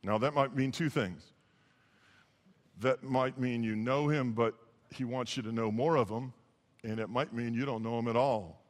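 A man preaching a sermon as pastor, impassioned, swinging from hushed lines to emphatic ones. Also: mid-range voice, fairly even intonation, moderate pace, long reverb tail. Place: church sanctuary.

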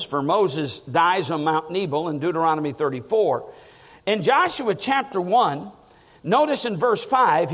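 A high-voiced man delivers a sermon with wide, lively swings of pitch. He leans hard into stressed words and sinks low for emphasis. His voice rings out with the long reverb of a large hall. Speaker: preacher.

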